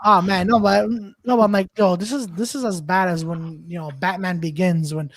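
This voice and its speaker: Excitable man ranting, dry sound. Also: high-pitched, moderate pace, no echo. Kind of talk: casual podcast banter.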